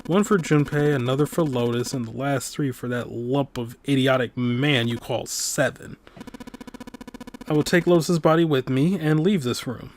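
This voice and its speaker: A man voicing a cold, sadistic older male villain who speaks with calm, formal, mocking menace. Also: medium pitch, normal speed, slight background noise, natural voice. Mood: coldly menacing.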